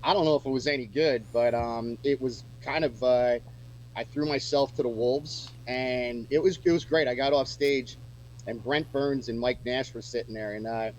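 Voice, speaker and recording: A man's voice: mid-range voice, fairly even intonation, moderate pace, darkish tone, slight background noise, low-quality recording. A man chatting casually as a musician guest on a radio show, rambling with lots of fillers and restarts.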